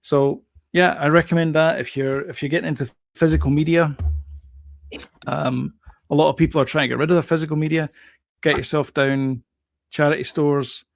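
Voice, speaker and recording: A man's voice: fairly high pitch, steady tone, moderate pace, creaky, no echo. A British man co-hosting a casual chat show, laid-back and chatty, often repeating his phrases. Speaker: show co-host.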